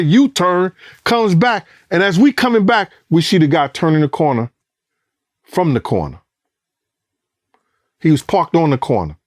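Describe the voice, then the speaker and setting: Man telling a story, profane and lively. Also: fairly high pitch, dry recording, clean studio sound. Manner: profane, acts out quotes and sounds, rising excitement. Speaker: former bodyguard recounting events. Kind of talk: animated storytelling interview.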